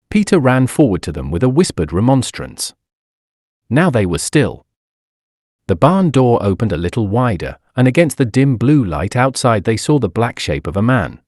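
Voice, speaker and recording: A man narrates an audiobook with an expressive, dramatic reading. His pitch rises and falls a great deal. He sits close to the mic in a dry recording with no room sound. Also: no echo.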